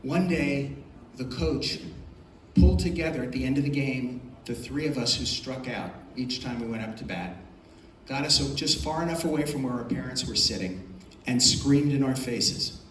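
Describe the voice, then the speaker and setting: A man's voice: mid-range voice, normal speed, fairly bright tone, a little hiss or hum. An older man giving an emphatic, storytelling speech to an audience as a film producer at a festival. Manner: storytelling, emphatic, repeats phrases for effect. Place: large hall at a festival. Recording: echoey hall, voice from far off.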